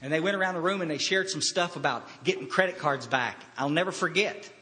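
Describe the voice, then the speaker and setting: Man telling his story in a reverberant hall. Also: on the high side. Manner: halting, storytelling, quiet pauses. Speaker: recovery speaker. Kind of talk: personal recovery talk.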